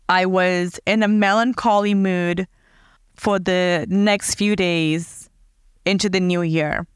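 A woman's voice: on the low side, clean tone, no echo, clean studio sound. A woman hosting a podcast, telling a personal story in an earnest, heartfelt and reflective way. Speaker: podcast host.

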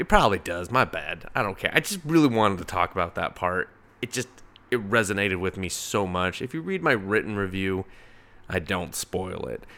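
Profane, rambling man with a lowish voice. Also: pushed and bright. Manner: profane, rambling, laughs at his own jokes. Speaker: comic book reviewer. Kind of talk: casual solo review podcast.

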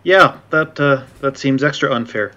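A man's voice: mid-range voice, normal speed, bright, forceful tone, muffled recording. A man who develops games, a guest in a casual chat, making dry wry remarks.

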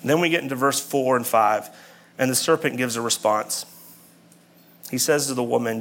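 A man's voice: medium pitch, moderate pace, a bit bright. A man preaching a sermon, talking conversationally and asking his listeners questions.

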